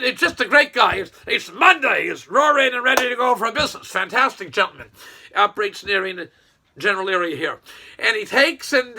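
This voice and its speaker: A man's voice: extremely high pitch, creaky, noisy background. An older man from Nova Scotia, a retired businessman, rambling in a folksy monologue full of restarts and quoted asides.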